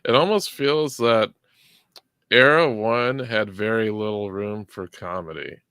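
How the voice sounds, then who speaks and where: A man co-hosting a casual book chat, speaking in a relaxed, thoughtful way with trailing phrases. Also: fairly low pitch, measured pace, clear, resonant tone, dry recording. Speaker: book club co-host.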